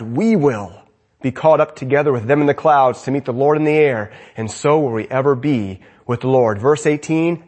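A man preaching a sermon with fervent energy, swinging between loud exclamations and hushed lines. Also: fairly high pitch, breathy edge.

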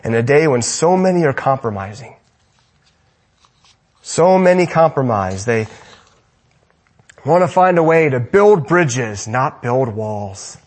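A young man preaching a sermon to men, with emphatic repeated rhetorical questions, swinging between loud and soft, and ending in prayer. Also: medium pitch, lively intonation, takes it slowly, long pauses.

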